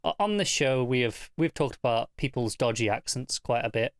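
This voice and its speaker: A man co-hosting a casual TV review podcast, thoughtful and measured with a dry teasing streak. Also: medium pitch, lively intonation, dry recording. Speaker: podcast co-host.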